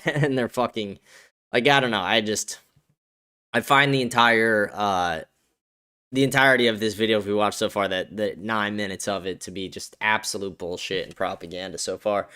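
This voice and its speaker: A man's voice: fairly low pitch, smooth. Profane, mocking male political commentator. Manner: profane, mocking, laughs often, shouts when excited. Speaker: political commentary show host. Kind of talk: casual reaction commentary.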